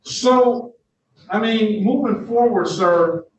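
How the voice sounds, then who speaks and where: A man's voice: sits high, takes it slowly, noisy background. A man in his fifties, a judge at a court hearing, reading case numbers and lecturing a defendant, stern but fatherly, with stammering restarts. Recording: echoey courtroom audio from far off.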